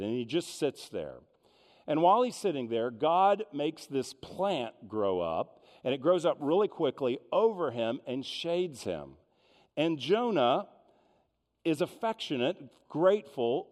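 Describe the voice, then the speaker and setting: A pastor retelling a Bible story in a conversational, expressive sermon. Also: male voice, mid-range voice, big-room sound.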